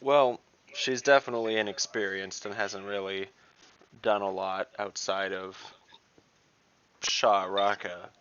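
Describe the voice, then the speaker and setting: A man's voice: on the low side, creaky, a bit bright. A man speaking in character as a player in an online tabletop game, hesitant and searching for words. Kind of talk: in-character tabletop role-play. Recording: dull lo-fi online call audio.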